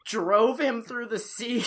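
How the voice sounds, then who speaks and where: An exasperated male podcast co-host who rants and swears in casual chat. His pitch leaps upward as he gets worked up, then drops back to an everyday tone. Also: slow pace, fairly bright tone.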